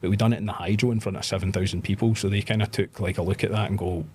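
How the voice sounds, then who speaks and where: A Glaswegian man in his thirties, a pro wrestler, chatting as a guest and telling animated stories with plenty of swearing. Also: lowish voice, rapid-fire, slight background noise. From Scotland. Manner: animated storyteller, swears, acts out voices in anecdotes. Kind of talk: casual storytelling chat.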